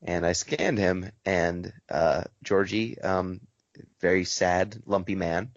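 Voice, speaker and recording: A man hosting a casual podcast discussion, telling stories in an animated, quick way. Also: sits low, no echo, dull audio. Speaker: podcast host.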